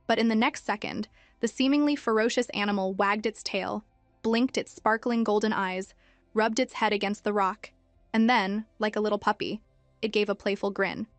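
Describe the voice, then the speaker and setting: Woman narrating a story over soft music. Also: mid-range voice, fairly even intonation, normal speed, dry recording. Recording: dry close mic with faint music.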